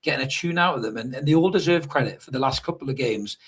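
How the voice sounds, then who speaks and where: A man co-hosting a live fan show from a hotel room, talking football in a sweary, animated way and telling stories. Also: mid-range voice, fast talker, slightly rough. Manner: sweary, animated storytelling with mimicked shouts. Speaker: podcast co-host. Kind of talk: casual live fan chat. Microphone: remote call over hotel Wi-Fi.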